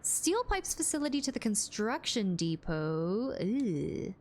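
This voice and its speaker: This live streamer talks slowly in a mid-range, darkish voice with big swings in pitch. She keeps up a playful, giggly conversation with her viewers as she plays.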